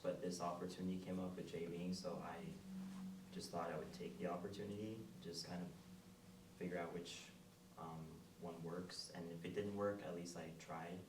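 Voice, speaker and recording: A young man new to investing answers questions in a group meeting, soft and nonchalant, with many likes and ums, heard from away from the mic in an echoey room. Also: low voice, level tone, moderate pace, far from the mic, noisy background. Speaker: new investor asking for advice. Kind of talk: hesitant answers in a live group session.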